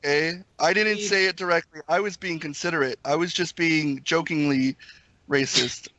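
A man's voice: on the high side, steady tone, moderate pace, sharp tone, dry recording, rough recording. A man co-hosting a livestream podcast, crude and rowdy, laughing through casual banter. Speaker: podcast co-host.

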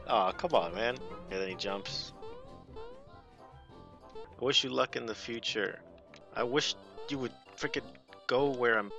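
A man giving lively let's play commentary, laughing and talking back to game characters. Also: mid-range voice, a little slow, vocal fry, faint music behind. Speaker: gaming video host.

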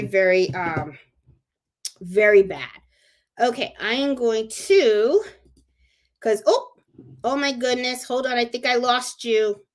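A woman with a Puerto Rican accent hosting a casual live stream about sewing, chatting and repeating herself for emphasis. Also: fairly high pitch. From Puerto Rico. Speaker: crafting channel host.

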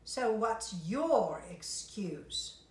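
A woman voicing a grumpy, bossy male penguin conductor who snaps loudly at his orchestra. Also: mid-range voice, wildly swooping pitch, extremely slow, heavily acted. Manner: loud, snapping, impatient. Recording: roomy, distant mic.

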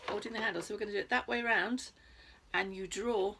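A British woman presenting a crafting lesson for young children, animated and playful, speaking straight to the kids. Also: mid-range voice, a little fast, creaky, very noisy. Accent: British English.

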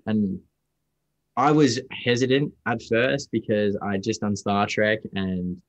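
A man's voice: lowish voice, normal speed, no echo, highs cut off. A young Australian man, an actor guest, telling stories in a casual interview with rambling restarts. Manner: rambling, restarts often, lively storytelling.

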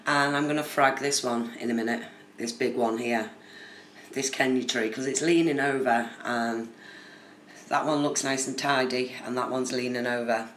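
The host keeps a steady, fairly bright medium-pitched voice at a regular pace while chatting with viewers by name on a phone live stream. Sound is recorded through the phone camera, giving a roomy feel and a trace of background noise.

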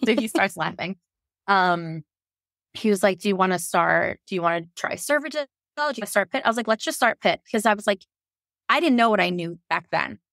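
A woman's voice: medium pitch, brisk, gravelly, no echo, clean studio sound. Chatty woman telling a story animatedly. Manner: animated, quotes herself and others in lively voices, laughs often. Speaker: podcast guest telling her birth story. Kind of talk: casual storytelling.

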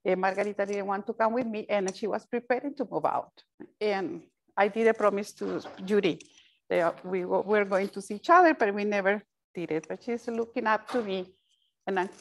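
A woman speaks to a room of service providers at a mid-range pitch. Her talk is earnest and halting, full of restarts and repeated words. She drops phrases into her English. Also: slight background noise, poor audio. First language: Spanish. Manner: mixes Spanish phrases into English. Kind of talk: panel talk.

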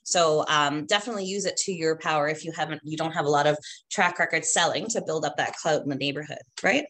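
Lower-voiced woman coaching agents. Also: fast talker, a bit bright. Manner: chatty, emphatic, tags points with "right?". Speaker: real estate trainer. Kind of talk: instructional talk to agents.

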